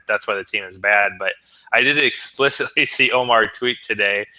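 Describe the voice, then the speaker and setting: A man's voice: fairly low pitch, moderate pace, pushed and bright, low-quality recording. A man co-hosting a sports talk show, earnest and stammering as he builds long arguments. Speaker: podcast co-host.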